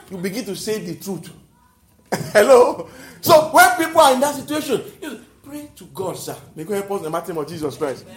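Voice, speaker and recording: Animated Nigerian preacher in an echoey room. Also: male voice, high-pitched. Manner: animated, calls out to the congregation, laughs often. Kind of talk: sermon.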